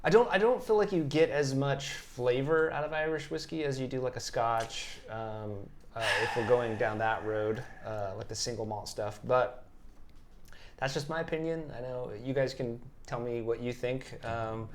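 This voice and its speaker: A man's voice: mid-range voice, normal speed, noisy background. A man co-hosting a casual chat show, easygoing and rambling, often restarting his sentences. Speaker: podcast co-host.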